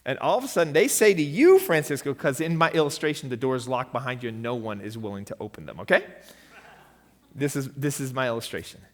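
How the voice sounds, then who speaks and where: A man, a pastor, teaching a church finance lesson in a lively storytelling way and quizzing his audience. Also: medium pitch, quick pace. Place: church hall. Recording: long hall reverb.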